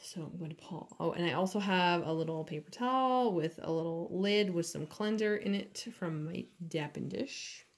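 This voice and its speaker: A woman doing nails in her home studio, talking through each step in a casual, chatty way with lots of fillers. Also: fairly low pitch. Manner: slow, chatty, with many fillers. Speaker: nail artist. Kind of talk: casual tutorial chat.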